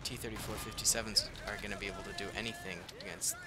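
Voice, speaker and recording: A man's voice: lowish voice, flat delivery, quick pace. A young man casually commenting as he plays a war strategy game, reacting aloud and laughing at himself. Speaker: gaming channel host. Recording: faint game noise behind.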